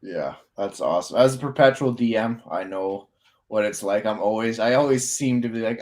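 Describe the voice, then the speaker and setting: Male host, casual chat, lower voice, easygoing and full of "like.". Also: moderate pace. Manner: relaxed, says "like" often, enthusiastic. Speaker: interview host.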